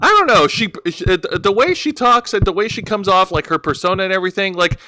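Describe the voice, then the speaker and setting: A man's voice: high-pitched, animated, brisk, bright, forceful tone. A man co-hosting a wrestling review podcast in casual chat, rambling with many restarts and fillers.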